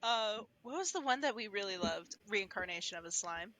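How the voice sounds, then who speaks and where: Bright-voiced enthusiastic woman. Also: medium pitch, animated, brisk. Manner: enthusiastic, gushing. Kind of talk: casual chat.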